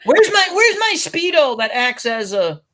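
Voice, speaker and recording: A man's voice: very high-pitched, sing-song, measured pace, noisy background. A man hosting a casual online chat, rambling through funny stories with lots of giggles. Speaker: host.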